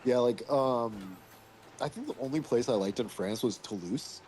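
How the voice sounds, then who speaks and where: A man's voice: medium pitch, moderate pace, darkish tone, slight background noise. A man chatting casually on a live stream, telling a rambling story full of fillers and swearing. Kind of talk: casual chat.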